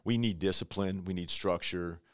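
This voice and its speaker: A very deep-voiced man talking as a guest in a casual conversation, recorded in a dry space with little room sound. He speaks in a laid-back way, filling his talk with "you know" and "man". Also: normal speed, no echo. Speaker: guest, construction company manager.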